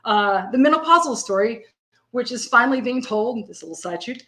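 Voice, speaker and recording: A woman's voice: fairly high pitch, lively intonation, normal speed, a bit bright. A woman in her fifties in casual live-stream podcast talk, rambling and conversational, often laughing. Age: 50s.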